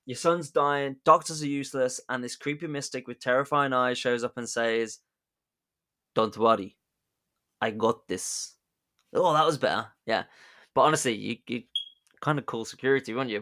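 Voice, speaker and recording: A man's voice: medium pitch, bright, forceful tone. A man hosting a podcast, chatty and jokey, telling history as a casual story and laughing at his own jokes. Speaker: podcast host.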